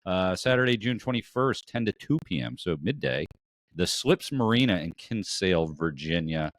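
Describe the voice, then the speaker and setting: A man's voice: low voice, sing-song, moderate pace, dry recording, clean studio sound. A man hosting a podcast, chatting casually and rambling through plugs and introductions. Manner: rambling with frequent fillers and restarts. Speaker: podcast host.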